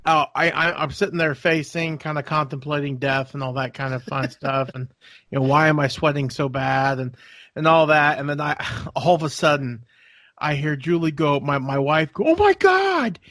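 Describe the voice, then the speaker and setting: Guy on a podcast telling a long story, kinda high voice, puts on voices, laughs a lot, dry close mic. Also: flat delivery, normal speed, a bit bright, dry recording. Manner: rambling storyteller, acts out voices, laughs often. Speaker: podcast co-host. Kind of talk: casual storytelling chat.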